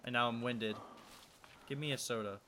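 A young man hosting a gaming let's-play video talks nervously to himself as he plays, his medium-pitched voice pushed and bright, fairly even in intonation, at a moderate pace. A little hiss or hum is audible.

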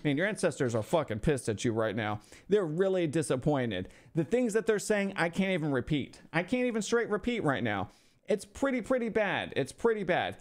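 Speaking at a normal speed, a man with a highish voice and big swings in pitch mocks a viewer's game roster live on stream. His exasperated rant is full of swearing and sarcasm, and he argues with imaginary hecklers along the way.

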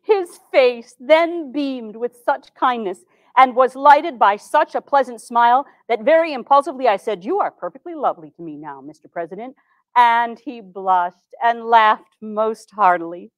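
A woman playing an earnest 1860s reformer, telling her story in a first-person historical monologue with formal, measured diction. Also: a little high, lively intonation, dry recording, close to an everyday voice, rough recording. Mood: recounting. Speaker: historical reenactor.

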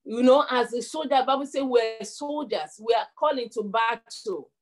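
A middle-aged woman delivers a sermon, mixing storytelling with prayer. Her voice sits slightly high. She is earnest and often repeats words as she builds toward each point. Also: normal speed. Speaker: preacher.

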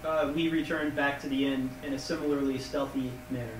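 A man's voice: mid-range voice, steady tone, brisk. A man playing a tabletop game with friends, wry and joking. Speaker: player. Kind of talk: casual tabletop play. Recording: noisy room, distant mic, echoey.

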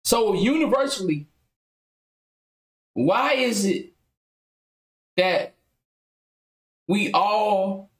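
A man's voice: high voice, animated, drawn-out words, pauses often, roomy sound, rough recording. A man hosting a casual podcast, talking in an emphatic, riled-up way. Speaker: podcast host.

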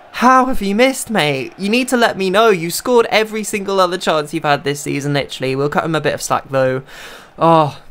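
Excitable man commentating his game. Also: smooth. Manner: excitable, talks to himself, bursts into high shouts at big chances. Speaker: gaming YouTuber. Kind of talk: live gameplay commentary.

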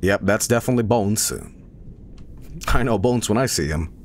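A man's voice: fairly low pitch, normal speed, a little hiss or hum. A man streaming a game, chatting casually as he plays, rambling and joking, swearing often. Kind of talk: casual live-stream commentary.

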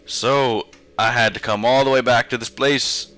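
A man's voice: mid-range voice, fairly even intonation, measured pace, a bit bright. A man giving casual, sarcastic commentary while playing a video game, talking back to the game. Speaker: let's play gamer.

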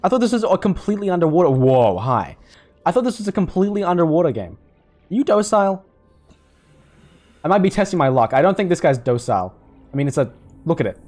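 A young man rambles through gameplay commentary, cracking jokes and swearing. His voice sits a little high and swings widely in pitch. Faint game music plays behind him. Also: very animated, fast, pauses often, a little mellow. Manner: jokey, rambling, swears and laughs. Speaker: gaming YouTuber.

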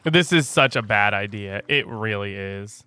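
Excitable man giving game commentary. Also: fairly low pitch, unhurried, smooth, dry recording. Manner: excitable, joking, often laughing. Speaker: gaming channel host. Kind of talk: let's play commentary.

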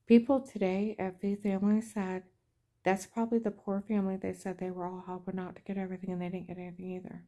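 A woman's voice: medium pitch, little pitch movement, fast talker, warm tone. A middle-aged woman telling a rambling personal story in an aggrieved, indignant way. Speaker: vlogger.

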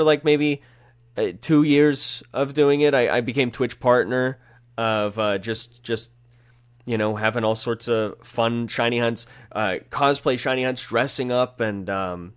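A man's voice: medium pitch, moderate pace. A man chatting as an interview guest, upbeat and rambling with lots of fillers and restarts. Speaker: guest streamer and shiny hunter. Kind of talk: casual interview chat.

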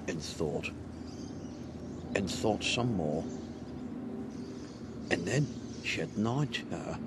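A man narrating a children's story, expressive and asking the listener questions along the way. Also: deep voice, heavy background noise.

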